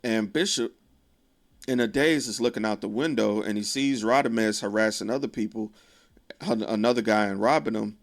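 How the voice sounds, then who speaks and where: A man's voice: lowish voice, normal speed. A man casually retelling a film plot in a profane, conversational way with wry asides. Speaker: video creator.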